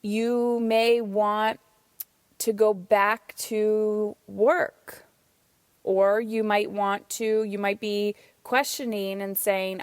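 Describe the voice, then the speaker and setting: A woman hosting her own podcast, talking in an energetic, emphatic way, a little out of breath, swearing casually now and then. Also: mid-range voice, very slow, clear, resonant tone, dry recording. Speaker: podcast host and parenting coach. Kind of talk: solo podcast monologue.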